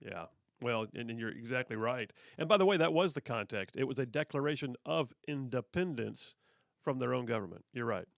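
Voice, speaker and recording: A man's voice: medium pitch, expressive, brisk, vocal fry, no echo, studio quality. A man hosting a talk radio show, commenting on the news in a folksy, emphatic way and calling people brother.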